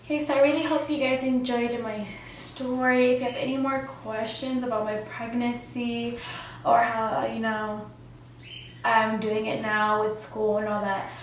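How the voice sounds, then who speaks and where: A woman's voice: on the high side, flat delivery, a little slow, recorded from a distance, slight background noise. Chatty young woman in echoey room. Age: young adult. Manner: chatty, many fillers, acts out quotes. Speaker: vlogger. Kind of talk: personal story vlog.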